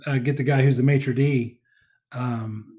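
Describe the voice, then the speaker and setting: A man's voice: medium pitch, fairly even intonation, a little slow, dark tone. A man casually recapping a film scene by scene, full of ums and uhs. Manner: rambling recap with many fillers. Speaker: podcast co-host.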